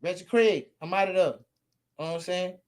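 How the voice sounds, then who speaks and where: A man's voice: high voice, a little fast. A man from Houston, giving a boastful debate presentation full of street slang and swearing over a voice call. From Houston, Texas.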